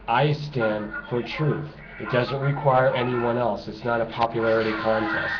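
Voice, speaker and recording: A man's voice: mid-range voice, steady tone, moderate pace, hardly any pauses. Ranting man on a lo-fi recording. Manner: sarcastic, emphatic, repetitive. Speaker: video blogger. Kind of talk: ranting monologue to camera. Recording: dull lo-fi home recording with noise.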